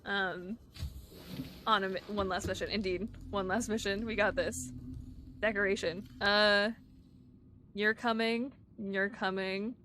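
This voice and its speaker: A woman's voice: mid-range voice, steady tone, unhurried, pauses often, sharp tone, slight background noise. A woman streamer chatting casually with her viewers while playing a game live, giggling often. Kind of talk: live-streamed gameplay chat.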